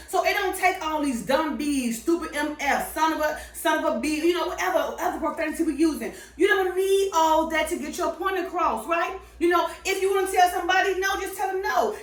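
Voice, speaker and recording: A woman giving a casual, sermon-style talk of Bible-based advice, emphatic and preachy, ending nearly every point with "right?". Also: very high voice. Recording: roomy sound, far from the mic.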